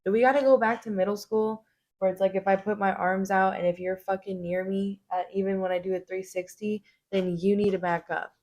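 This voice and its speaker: A woman's voice: medium pitch, fairly even intonation, fairly quick, a little mellow. A woman hosting a reaction video, giving blunt, casual commentary full of swearing.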